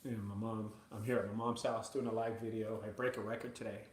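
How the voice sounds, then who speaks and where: A man hosting a live video from his mother's house, chatting casually and excitedly to viewers, rambling between hype and emotion. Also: lowish voice, fast, reverberant. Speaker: junk removal business owner hosting a live video.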